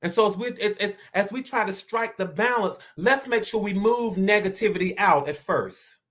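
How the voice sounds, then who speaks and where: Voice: medium pitch, fairly bright tone. Stammering, emphatic inspirational preacher. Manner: stammers and repeats words, slows down for emphasis; preacher-like, rising to emphatic declarations. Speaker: inspirational speaker. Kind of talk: motivational sermon-style talk.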